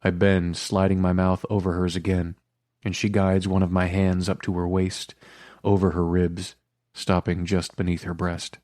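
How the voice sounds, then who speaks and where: A man narrating a first-person romance audiobook in a quiet, intimate and measured way. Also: low voice, completely flat delivery, dry recording, clean studio sound.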